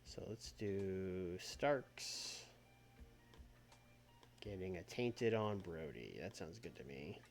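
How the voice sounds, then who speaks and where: A man live-streaming a wrestling booking game who talks through every decision in loose, rambling chat. His pitch swings widely, and he curses casually as he goes. Soft music plays faintly behind him. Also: animated, slow pace, long pauses. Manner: thinks aloud, swears casually, trails off and restarts. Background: faint background music.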